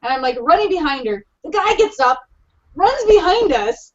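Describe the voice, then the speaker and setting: A woman co-hosting a podcast, telling a crude story in casual chat with an animated, laughing delivery. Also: high-pitched, normal speed, noisy background. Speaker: podcast co-host. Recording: dull lo-fi podcast audio.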